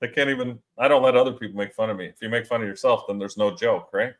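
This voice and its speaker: A man's voice: mid-range voice, fast, rough recording. A man hosting a casual chat with friends, swearing freely and laughing often. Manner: loose, profane and laughing. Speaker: podcast host.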